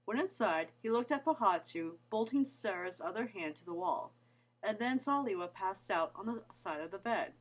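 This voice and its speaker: A woman narrating a story in an even, descriptive reading. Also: medium pitch, normal speed, low-quality recording.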